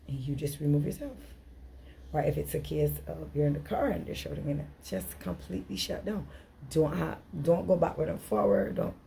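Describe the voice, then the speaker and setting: Speaking at a moderate pace in a deep, creaky, mellow voice, a middle-aged woman who coaches relationships delivers an earnest, emphatic workshop talk and frequently acts out dialogue. Slight background noise is present in the recording.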